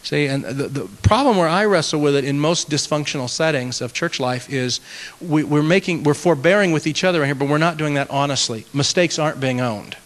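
Male pastor, slightly high voice, earnest and self-mocking, long hall reverb. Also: brisk. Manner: earnest, animated storytelling with self-mocking humor. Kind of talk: conversational teaching talk to a group.

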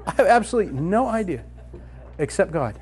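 Fiftyish guy with a slightly high voice telling a story in a sermon, animated, does all the voices. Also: brisk, slightly rough. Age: 50s. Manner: lively storyteller who acts out dialogue.

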